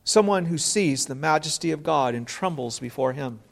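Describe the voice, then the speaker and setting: A man's voice: a little high, animated, normal speed, gravelly. A man preaching a sermon, earnest, posing rhetorical questions, quoting scripture and repeating words as he thinks.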